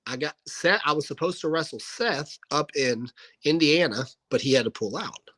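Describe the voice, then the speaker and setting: A man's voice: a little high, moderate pace, poor audio. A man in his thirties, a guest wrestler, telling stories in a casual interview and acting out what people said. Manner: animated anecdote-telling, acting out quoted dialogue.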